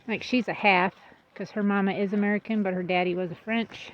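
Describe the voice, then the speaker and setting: A woman talks casually through a tour of her dairy goats outdoors, recorded on a phone. Her voice sits in a middle pitch and the sound is a little dull and lo-fi. Goats are heard around her, and she slips into fond asides to the animals. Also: steady tone, fairly quick. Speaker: goat breeder. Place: outdoors in a goat pen.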